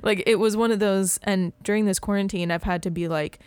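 A woman in her thirties co-hosting a relaxed podcast chat, her talk loose and rambling, peppered with "like" and little bursts of laughter. Her voice sits at an ordinary middle pitch for a woman, and the sound is dry and close, with no room echo. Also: clear, resonant tone. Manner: bubbly, rambling, full of "like" and quick laughs. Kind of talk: casual chat.

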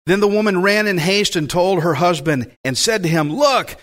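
A man delivers a sermon, his voice sitting a little higher than most men's. He reads scripture aloud, then stops to comment on it with eager, chatty asides to his listeners. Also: normal speed, a bit bright. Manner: enthusiastic, conversational preaching with asides. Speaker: pastor.

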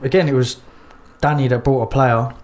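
A man's voice: medium pitch, steady tone, moderate pace, a little mellow. A man, a local football team manager, answering interview questions in loose, rambling sentences with many restarts.

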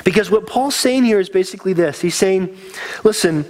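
A man's voice: high-pitched, normal speed, darkish tone. A man preaching a sermon as a pastor, earnest and conversational, getting teary.

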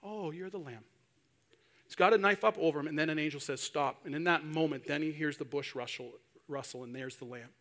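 A man's voice: fairly high pitch, fast, fairly bright tone. A male preacher giving a sermon, telling a story animatedly and acting out the voices of the people in it.

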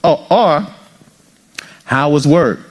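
A male pastor preaching an animated sermon, joking with the congregation and acting out people's inner voices. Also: on the high side, takes it slowly, gravelly, slightly rough. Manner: jokes and teases the congregation.

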